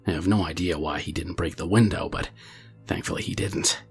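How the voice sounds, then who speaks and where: A man reading a true scary story aloud as the channel's narrator, in a steady, low-key way. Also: fairly quick, faint music behind.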